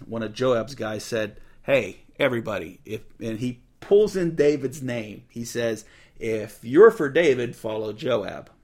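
A man's voice: medium pitch, gravelly. A man teaching a Bible passage in a folksy, conversational way. He reads the text aloud and breaks off into casual asides. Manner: folksy, animated retelling with asides.

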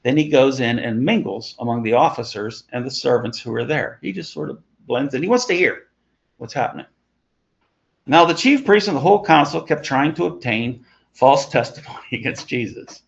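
A man's voice: mid-range voice, animated, normal speed, vocal fry, dull audio. A man leading an informal Bible study, talking conversationally with chuckling asides as he reads and explains scripture.

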